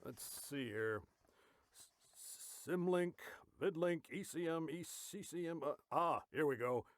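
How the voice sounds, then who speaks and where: A man voicing a chaotic tabletop player who is goofy and defiant in an animated skit. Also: on the high side, a little slow, no room sound, studio quality, lightly acted.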